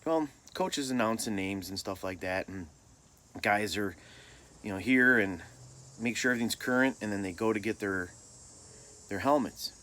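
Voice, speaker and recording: A middle-aged man from Michigan tells a story from his own life in a casual, easygoing way. His voice sits low, and he pokes fun at himself as he goes. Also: moderate pace, pauses often, fairly bright tone. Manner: laid-back, self-deprecating humor. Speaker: storyteller vlogger.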